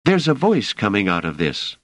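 A man reading the part of a calm, practical young woman with a brisk, matter-of-fact manner, in a raised voice. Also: fairly low pitch, no echo.

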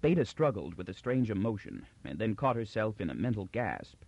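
A man narrating a science fiction story in a steady, expressive reading voice. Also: on the low side, a little fast, no room sound. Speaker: audiobook narrator. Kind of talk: scripted narration. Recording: dull lo-fi dry recording.

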